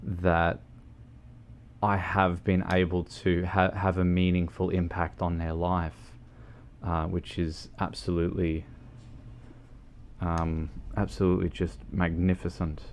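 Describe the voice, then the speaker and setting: Low-voiced rambling male streamer. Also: flat delivery, slow pace, darkish tone. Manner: rambling, hesitant, full of ums. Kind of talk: casual livestream chat while gaming.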